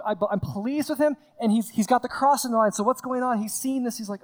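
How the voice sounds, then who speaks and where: A man's voice: extremely high pitch, brisk, few pauses. A man preaching a sermon from a stage in a conversational way, acting out scenes and often repeating his words. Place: stage in front of a congregation.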